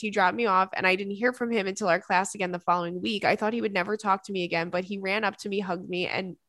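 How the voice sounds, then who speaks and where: A woman's voice: mid-range voice, fairly bright tone, no room sound, clean studio sound. A woman hosting a podcast, reading a listener's story aloud and reacting with laughter and dramatic asides. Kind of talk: casual chat.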